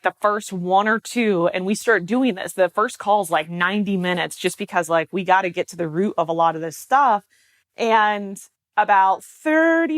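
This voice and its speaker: A woman's voice: mid-range voice, no echo. Chatty woman coach, dry close sound. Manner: chatty, many filler "like"s. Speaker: mindset and life coach. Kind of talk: casual explanatory talk to camera.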